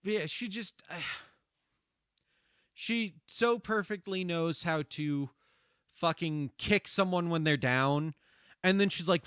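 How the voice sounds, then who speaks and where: A man streamer giving casual, profane commentary over his own stream highlights, ranting animatedly and laughing often. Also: takes it slowly, pauses often, fairly bright tone, clear, resonant tone, dry recording, studio quality.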